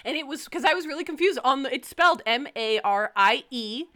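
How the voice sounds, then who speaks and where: A young woman hosting a podcast, chatting casually and ranting with animated, frequent laughter. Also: high voice, fairly quick. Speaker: podcast host.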